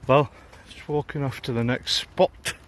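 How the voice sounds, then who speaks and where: By a riverside, an angler vlogger with a South Yorkshire accent films a casual fishing trip, speaking a little slowly at a medium pitch with fairly even intonation over a faint hiss or hum. He's chatty and jokey, and curses when he gets annoyed.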